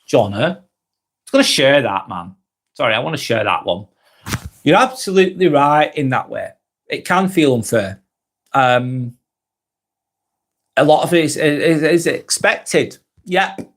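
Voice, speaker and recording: A man hosting a live vlog, thinking out loud in casual chat and swearing freely as he restarts his sentences. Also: on the high side, expressive, a little slow, long pauses. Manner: earnest, swears freely, many restarts and trailing phrases. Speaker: live vlog host reading chat comments.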